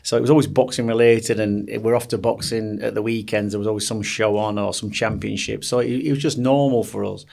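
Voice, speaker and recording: A man's voice: fairly low pitch, steady tone, fairly quick, creaky, hardly any pauses, a little mellow. A man, telling rambling stories as a podcast guest with many restarts. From Sheffield, England. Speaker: boxing coach, guest. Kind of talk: casual storytelling interview.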